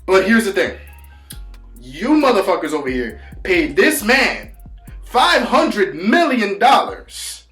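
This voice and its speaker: A man's voice: high voice, echoey room. A man ranting about football in a vlog, swearing constantly and hammering his points with repetition. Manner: profane, insulting, swears constantly; rapid, forceful delivery with emphatic repetitions. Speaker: sports vlogger. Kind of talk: heated solo rant.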